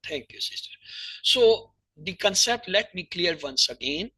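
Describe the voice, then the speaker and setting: A man teaching Arabic verb conjugation in an online class, explaining slowly and repeating verb forms in lists. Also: sits high, expressive, bright, forceful tone, breathy edge, poor audio.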